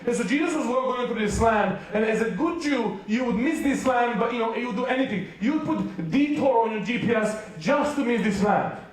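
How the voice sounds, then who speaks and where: A man's voice: extremely high pitch, expressive. A man from Serbia with a Serbian accent, preaching a playful, joking sermon to a youth rally. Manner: playful storytelling with jokes and quick asides. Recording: very echoey hall, mic far off.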